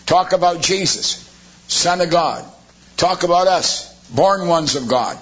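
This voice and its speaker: Man, preacher, sermon, rhetorical questions, husky voice, muffled lo-fi recording. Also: fairly high pitch, lively intonation, unhurried, a bit bright.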